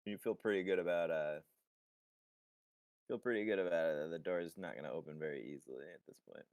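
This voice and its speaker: A man narrating as game master in a relaxed, halting way with many fillers. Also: deep voice, no room sound, studio quality.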